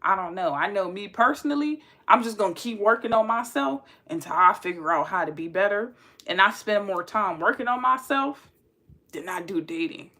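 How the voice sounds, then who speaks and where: Bright-voiced woman telling a laughing story. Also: mid-range voice, moderate pace. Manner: animated, laughing, slangy. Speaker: host telling a dating story. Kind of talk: casual storytelling.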